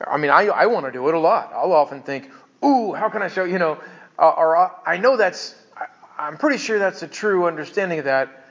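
A man's voice: a little high, lively intonation, brisk, fairly bright tone, highs cut off. A man preaching a conversational sermon to his church, joking and restarting his sentences as he goes. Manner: chatty, joking, stumbling restarts. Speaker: pastor.

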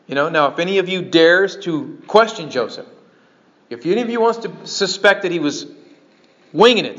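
A man preaching a sermon as pastor, animated and breaking into joking asides to his congregation. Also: a little high. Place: church sanctuary. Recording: dull lo-fi sermon recording.

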